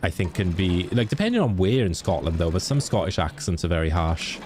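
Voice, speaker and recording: A young Welsh man with a deep, low voice keeps up easy, chatty talk with his stream audience, answering viewers by name and laughing easily. A faint background noise sits under his voice. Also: animated, fairly quick, a little mellow. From Wales. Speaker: game streamer. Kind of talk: casual live-stream chat.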